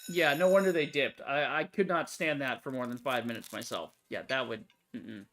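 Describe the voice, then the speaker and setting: A woman's voice: rumbling low, moderate pace, a bit bright. Woman gamer swearing through casual commentary. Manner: casual, swearing, laughs often. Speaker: gaming channel host. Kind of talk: let's play commentary.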